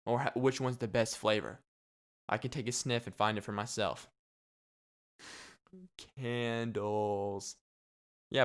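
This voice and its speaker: A man's voice: medium pitch, fairly bright tone, smooth. A young man hosting a casual solo podcast, rambling and joking with frequent laughs. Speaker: podcast host.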